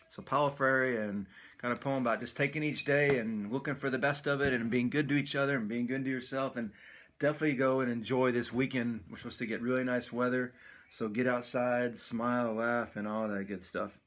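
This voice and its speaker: A middle-aged man giving casual morning announcements, relaxed and friendly, with fillers and restarts. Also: medium pitch, brisk.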